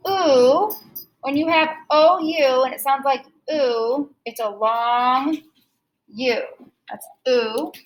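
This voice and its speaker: High-voiced teacher drilling phonics syllables. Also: female voice, low-quality recording. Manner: slow, repeats words to stress syllables. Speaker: second grade teacher. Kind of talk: phonics lesson.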